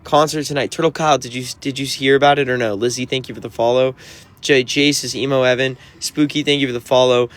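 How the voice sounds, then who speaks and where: A man's voice: mid-range voice, fairly even intonation, fast talker. Sassy man reading livestream chat. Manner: sassy, teasing, mock-offended. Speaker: touring musician.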